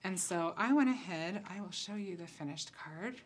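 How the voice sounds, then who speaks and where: A woman with a slightly low voice walks viewers through a craft project. She is chatty and relaxed, thinking aloud as her hands stay busy. A faint room noise sits under her voice. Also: moderate pace. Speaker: concept designer demonstrating crafts. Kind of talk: casual craft tutorial.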